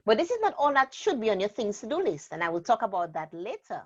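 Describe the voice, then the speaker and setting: A woman trainer explaining a method in an interview, speaking deliberately and stressing key words. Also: mid-range voice, big pitch swings. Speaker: productivity trainer. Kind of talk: instructional interview talk. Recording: slightly dull lo-fi sound.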